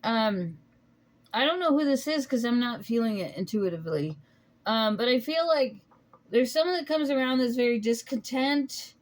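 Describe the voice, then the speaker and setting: A woman giving a casual spoken tarot reading, talking in a rambling, halting way with many pauses and restarts. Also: on the high side, lively intonation. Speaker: tarot reader.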